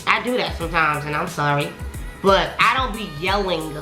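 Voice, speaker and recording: A young woman rants through a storytime in a bright, forceful voice that keeps climbing higher as she gets heated. She swears freely and talks animatedly. The room is echoey, with faint music playing underneath. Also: normal speed. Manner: profane, animated, voice rising when heated. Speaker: vlogger telling a storytime.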